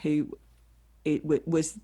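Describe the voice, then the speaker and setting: A comedian woman telling lively anecdotes on a video call, acting out voices as she goes. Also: low voice, slow, breathy edge. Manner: animated storyteller acting out voices. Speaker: comedian guest.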